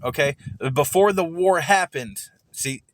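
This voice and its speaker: Here a streamer fires off angry, expletive-filled reactions to a recorded debate, frequently stammering and doubling back on words. His pitch is fairly high, though he keeps a measured pace.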